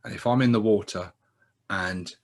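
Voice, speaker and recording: A man with a lowish, husky voice talking films with a friend in an easy, unscripted chat. He gets animated, laughs a lot and swears without a second thought. The whole thing has the loose feel of two mates chatting. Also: normal speed. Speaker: podcast co-host. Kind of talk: casual chat about films.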